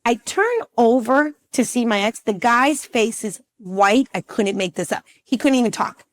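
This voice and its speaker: Animated woman in her fifties telling stories. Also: fairly high pitch, a little slow, no echo, studio quality. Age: 50s. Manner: lively storyteller who acts out scenes and calls the listener "girlfriend". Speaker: relationship coach, podcast guest. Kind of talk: casual interview storytelling.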